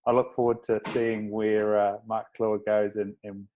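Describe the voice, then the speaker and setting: A man hosting a podcast, speaking in warm, hesitant casual chat that repeats his words. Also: lowish voice, little pitch movement, normal speed, lo-fi sound. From outside Australia. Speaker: podcast host.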